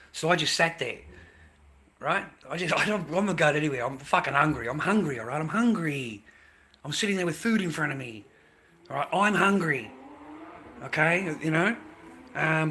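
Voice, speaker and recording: A man's voice: fairly high pitch, pushed and bright. An Australian man telling a workplace grievance in a blunt, repetitive rant with heavy swearing. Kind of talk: ranting monologue.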